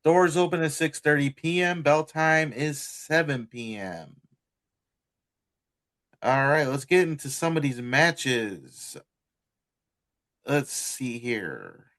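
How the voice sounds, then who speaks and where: Male podcast co-host, unhurried delivery, animated pitch. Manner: slow, drawn-out reading with laughs. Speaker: podcast co-host reading event listings. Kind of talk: casual podcast chat.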